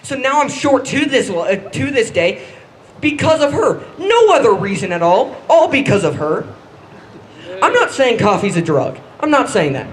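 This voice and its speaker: Young male stand-up comic, high, animated delivery, self-deprecating, faint room noise. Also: poor audio. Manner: halting, self-deprecating, stumbles and restarts. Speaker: stand-up comedian. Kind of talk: stand-up comedy set.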